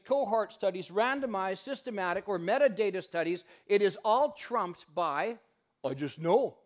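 A man giving a public lecture in a university hall, telling stories with passion and acting out what people said. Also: high-pitched. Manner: impassioned, animated storyteller who acts out quotes.

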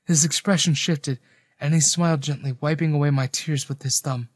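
Male storyteller, first-person romance narration, earnest, emotional, slightly high voice, dry close recording. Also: fairly even intonation, moderate pace, a little mellow, no echo.

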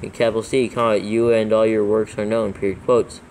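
Reading scripture aloud so it can be proofread, a man steadily names each capital and punctuation mark. His voice is fairly low, darkish and level, his pace fairly quick, and the rough recording has a bit of hiss or hum.

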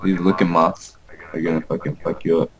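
A man's voice: deep voice, little pitch movement, fairly quick, poor audio. A man bantering and teasing in a laid-back way during a card game, laughing often.

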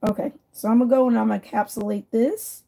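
A woman's voice: a little high, steady tone, quick pace, vocal fry, dark tone, slight background noise. A woman vlogger chatting casually and rambling while she does her nails. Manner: chatty, rambling, laughs often. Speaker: nail vlogger.

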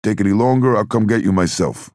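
A man voicing a gruff, commanding mob boss giving blunt orders. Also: on the low side, fast, darkish tone, no room sound, clean studio sound, pitched above the performer's own voice, lightly acted. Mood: stern. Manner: blunt, threatening.

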